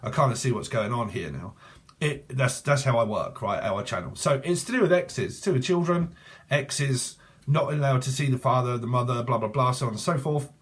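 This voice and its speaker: A man's voice: medium pitch, lively intonation, a little fast, breathy edge. A man, giving a casual online tarot reading in a blunt, profane way and laughing often. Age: 40s. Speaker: tarot reader.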